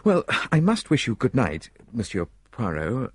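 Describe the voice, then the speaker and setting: A man voicing a brisk, earnest middle-aged doctor, speaking urgently. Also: mid-range voice, huge pitch swings, a little mellow, slightly rough, no room sound, voice pushed up, exaggerated voice.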